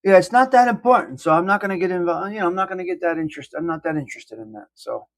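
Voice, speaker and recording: A man's voice: fairly high pitch, very fast, a bit bright. A man hosting a casual live-stream coffee chat, rambling and self-deprecating as he greets viewers by name. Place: indoors at home.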